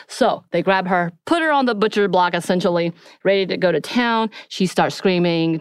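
A woman's voice: fairly low pitch, expressive, normal speed, dry recording. A young woman co-hosting a podcast, casually recapping a story and acting out the characters' lines. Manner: retells scenes, acting out character quotes. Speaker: podcast co-host.

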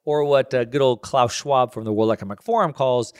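Man, middle-aged, solo commentary host, off-the-cuff, rambling, jumpy pitch. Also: fairly quick, a little mellow, smooth. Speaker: show host.

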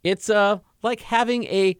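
A man's voice: high voice, fairly even intonation, measured pace, clear, resonant tone, no echo, studio quality. A man co-hosting a podcast, chatting casually and reading ads in a laid-back, joking way. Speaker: podcast co-host. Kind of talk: casual chat and ad reads.

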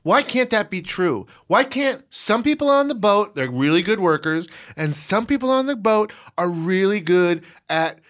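Sarcastic host with lively pitch. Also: normal speed, few pauses. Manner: sarcastic, deadpan jokes, crude. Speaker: podcast co-host. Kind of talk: casual chat.

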